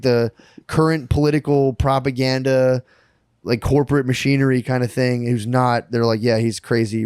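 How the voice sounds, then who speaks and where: A man co-hosting a podcast, chatting casually and telling animated, profane stories full of put-on quotes. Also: medium pitch, no echo, studio quality. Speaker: podcast co-host. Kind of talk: casual chat.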